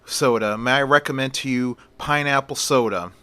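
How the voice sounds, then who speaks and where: A man voicing an attentive, formal waiter who speaks politely in a softer voice. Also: mid-range voice, normal speed, clean tone, close to an everyday voice.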